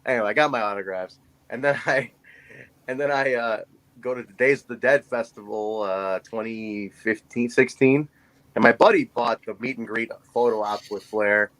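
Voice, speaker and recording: This is a man in his forties telling a story on a podcast, talking casually and loosely. He acts out the people in his anecdote as he goes. His voice sits at an ordinary middle pitch. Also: moderate pace, fairly bright tone, rough recording. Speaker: podcast co-host.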